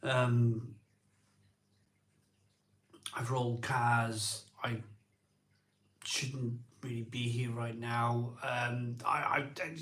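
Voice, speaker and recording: A man in his forties hosting a live stream, talking slowly and emotionally with many ums and restarts. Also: medium pitch, little pitch movement, a bit bright. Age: 40s. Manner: slow, halting, full of ums and restarts. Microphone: phone.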